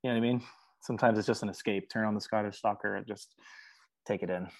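A man with a lowish voice chats as a musician guest on a podcast. He talks earnestly and easily, breaking into laughter now and then. The recording is dry and close, with no room sound. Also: steady tone, fast talker, gravelly, no room sound. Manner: earnest, chatty, laughs often. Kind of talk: casual interview chat.

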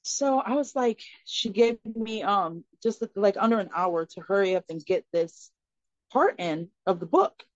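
A woman guest on a podcast, telling a personal story in an earnest, expressive way. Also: mid-range voice, a little slow, dry recording. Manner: earnest and expressive, acting out dialogue in her story. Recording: slightly muffled, dry recording.

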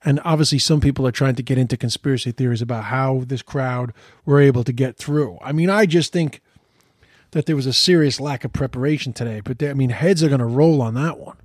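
A man's voice: mid-range voice, a little fast, darkish tone, no room sound, studio quality. A man giving heated, profane political commentary in a casual rant, often stumbling and repeating words.

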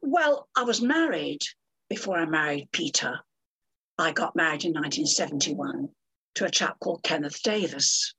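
A woman's voice: deep voice, expressive, moderate pace, fairly bright tone, breathy edge, poor audio. An older woman telling stories as a guest on an interview podcast, in a dramatic, theatrical way. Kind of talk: storytelling interview.

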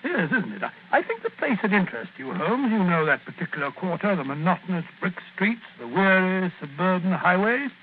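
A genial, flustered companion who stammers through his account. His voice sits fairly high in a 1940s radio play. It comes through tinny, with faint hiss. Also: very animated, a little fast, hardly any pauses. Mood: recounting. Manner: hesitant, chatty, stammering.

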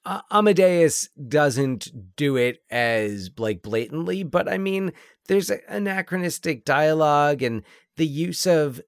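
A man's voice: on the high side, animated, unhurried, smooth, no room sound, clean studio sound. A man co-hosting a podcast, talking about films in a rambling way with many fillers and restarts. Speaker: podcast co-host. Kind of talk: casual film discussion.

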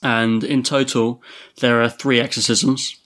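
A man's voice: mid-range voice, flat delivery, unhurried, fairly bright tone. Man telling a story on a podcast. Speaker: podcast co-host. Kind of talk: casual chat, storytelling.

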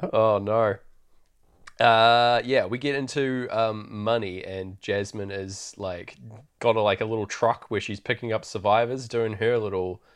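A man's voice: lowish voice, steady tone, unhurried. A man hosting a podcast, chatting loosely through a film recap and laughing often. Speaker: podcast host. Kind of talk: casual film recap chat.

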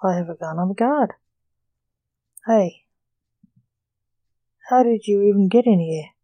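A woman's voice: medium pitch, measured pace, dry recording, muffled recording, close to an everyday voice. A woman voicing a flustered young male guard.

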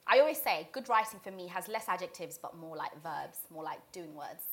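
Non-native english speaking woman on a podcast, crisp bright voice, lots of ums. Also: on the low side, lively intonation, fairly quick. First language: not English. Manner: chatty, hesitant with fillers, self-deprecating. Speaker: podcast co-host. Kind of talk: casual chat.

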